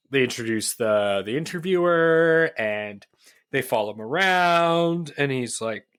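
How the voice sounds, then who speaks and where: Rambling, bright-voiced man telling a story. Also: medium pitch. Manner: rambling, excitable storytelling with many fillers. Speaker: podcast co-host. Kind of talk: casual chat.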